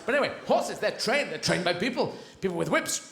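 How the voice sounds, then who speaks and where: A male stand-up comedian working a big theatre crowd, his voice lively and a touch high. He keeps dropping into different voices, and the live hall adds a roomy echo with faint noise behind. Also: a little fast, vocal fry. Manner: animated, switching voices. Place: large theatre stage. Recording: echoey live theatre recording.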